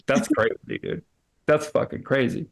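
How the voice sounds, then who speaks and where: A man's voice: medium pitch, sing-song, moderate pace, gravelly. A man doing a loose, rambling stand-up comedy set in a comedy club, full of fillers and restarts.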